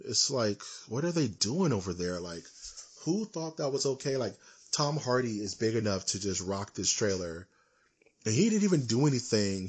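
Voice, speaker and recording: Animated, ranting man with a husky voice. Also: fairly low pitch. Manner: animated, ranting, quick to laugh. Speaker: podcast co-host. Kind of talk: casual chat.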